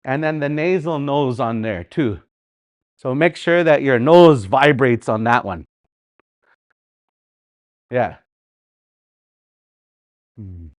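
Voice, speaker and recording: A man with a Canadian Dakota community accent, teaching a live online language class in a relaxed, conversational way, repeating example words and going off on friendly asides. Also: medium pitch, slow, pauses often, no echo. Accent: Canadian Dakota community English.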